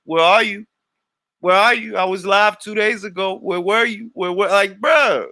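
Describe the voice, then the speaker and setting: A man's voice: high-pitched, a little slow, pushed and bright, dry recording. A man from Harlem with a New York accent, hosting a livestream and mocking a chat commenter with brash street-slang trash talk. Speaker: livestream host. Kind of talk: taunting livestream rant.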